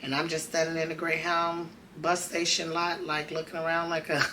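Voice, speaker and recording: A woman's voice: low voice, little pitch movement, moderate pace, bright, forceful tone, a little hiss or hum. A woman, host of a podcast, telling a personal story in a conversational, emotional way and acting out the dialogue. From Chicago.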